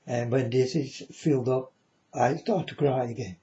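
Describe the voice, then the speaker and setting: Here a man with a warm, medium-pitched voice addresses viewers in a casual spiritual monologue. His pace is slow, he repeats points, and he often asks "you understand?", all on a dull lo-fi recording.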